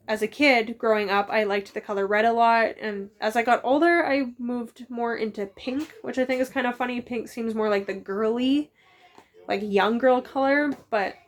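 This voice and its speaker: A woman in her thirties chatting casually as a book vlogger, rambling with quick asides. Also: on the high side. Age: 30s. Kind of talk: casual chat.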